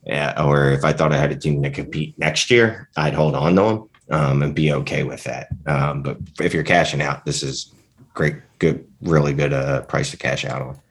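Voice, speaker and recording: A man's voice: very deep voice, moderate pace. A man co-hosting a fantasy football show, talking in a laid-back, hesitant way with many fillers. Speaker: fantasy football podcast co-host. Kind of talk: casual chat.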